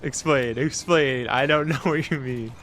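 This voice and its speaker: A young man commentating a live game stream in a casual, excitable way, breaking into laughter and calling out to the characters. He talks in an unhurried, drawn-out manner. A steady hiss of background noise sits under his voice. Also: mid-range voice. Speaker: gaming streamer.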